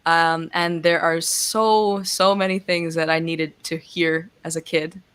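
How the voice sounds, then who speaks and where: A woman in her twenties, a guest reading a heartfelt letter in an earnest, soft-spoken way over a video call. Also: sits low, steady tone, measured pace, clear, resonant tone. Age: 20s. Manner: earnest, soft-spoken, with laughs and gushing emotion. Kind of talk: reading a heartfelt letter, then casual chat.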